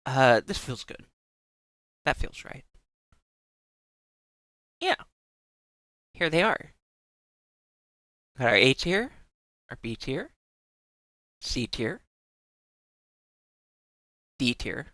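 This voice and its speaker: Giggly, gushing streamer with lively pitch. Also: extremely slow, pauses often, no echo. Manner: giggly, gushing, swears casually. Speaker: live streamer. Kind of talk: casual live-stream chat.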